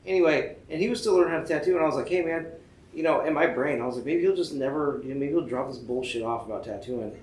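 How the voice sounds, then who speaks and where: A man's voice: on the high side, a little mellow. A man in casual chat, joking and swearing as he tells a story. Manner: fast, joking, swears a lot. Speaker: tattoo shop owner guest. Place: tattoo convention. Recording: roomy echo.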